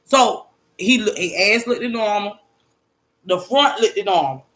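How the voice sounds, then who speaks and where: A young woman vlogger telling a personal story in a blunt, profane, repetitive way, breaking into loud exclaimed quotes. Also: medium pitch, takes it slowly. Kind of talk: emotional storytime monologue.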